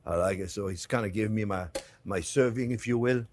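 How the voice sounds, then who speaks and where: This French chef gives a relaxed cooking demonstration in his kitchen, chatty and quick to laugh, repeatedly addressing his viewers as "friends." He speaks fairly fast in a fairly low voice, with background noise audible.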